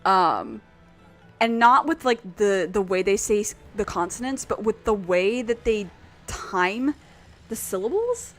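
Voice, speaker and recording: Lively woman rambling while gaming. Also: mid-range voice, measured pace, faint music behind. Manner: rambling, animated, swears freely. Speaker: game streamer. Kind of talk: casual gameplay chat.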